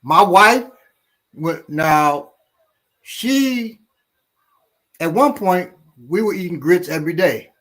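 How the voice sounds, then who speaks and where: Animated storytelling man from Chicago. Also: high-pitched, slow pace, pauses often. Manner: animated storyteller acting out loud voices. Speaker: podcast host. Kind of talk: casual chat.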